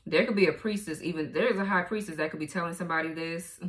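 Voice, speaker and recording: Brief: woman tarot reader, lower-set voice, salty and blunt, quick laughs and sudden leaps in pitch. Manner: blunt, profane, laughs often. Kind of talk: casual tarot reading.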